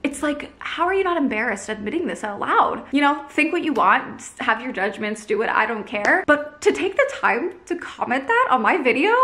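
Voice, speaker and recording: A woman's voice: high voice, big pitch swings, normal speed, few pauses, a bit bright. A young Canadian woman with a Canadian accent, venting to her vlog audience in an upset, apologetic and exasperated way, full of fillers and restarts. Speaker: vlogger. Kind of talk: emotional direct-to-camera rant.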